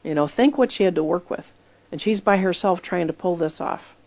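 A woman with a somewhat low voice gives a conversational sermon, telling stories with emphasis and slipping into the voices of the people she quotes. The recording sounds dull and lo-fi. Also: brisk, a little mellow, no room sound. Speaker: preacher.

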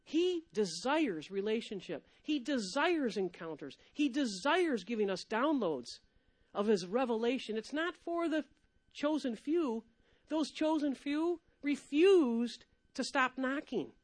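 A woman preacher giving a lively, emphatic sermon, laughing often and swinging between loud and soft. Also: sits high, slow, dry recording.

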